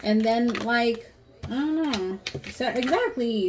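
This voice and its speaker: Brief: woman tarot reader, slightly high voice, blunt and swearing, hiss behind her. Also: lively intonation, slow pace. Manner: blunt, emphatic, swears freely. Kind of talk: casual tarot reading to camera.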